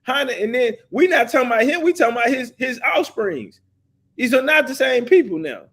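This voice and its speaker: High-voiced man arguing loudly as host. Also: lively intonation, a little fast. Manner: argumentative, talks over the other man, slangy. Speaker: show host. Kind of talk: heated debate.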